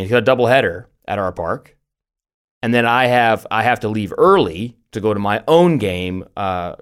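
A middle-aged man co-hosting a podcast, telling stories in an animated way with lots of restarts and laughs. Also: on the low side, clear, resonant tone. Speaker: podcast co-host. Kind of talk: casual chat.

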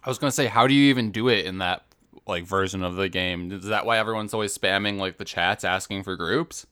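A man's voice: sits low, a little fast, bright, forceful tone, smooth. A man in a casual gaming chat, asking curious questions.

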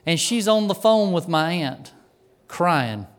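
A middle-aged male pastor telling a childhood story in a sermon, folksy and animated, chuckling as he goes. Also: high voice, moderate pace.

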